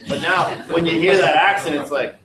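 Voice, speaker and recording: A man's voice: fairly high pitch, normal speed, noisy background. A man from the United States teaching a class, lecturing in a chatty, jokey, digressive way. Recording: roomy classroom audio from a distant mic.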